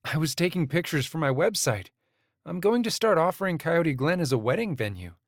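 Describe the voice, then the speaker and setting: A man's voice: on the high side, lively intonation, a little fast, no echo, clean studio sound, pitched above the performer's own voice. A man voicing a flustered young woman who speaks in a chirpy, placating way.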